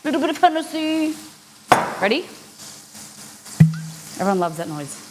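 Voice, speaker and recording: A woman with a high, very animated voice hosts a casual live cooking stream from her home kitchen, chatting playfully and laughing at herself at a moderate pace. Loud music plays, and a pan sizzles and fries in the background.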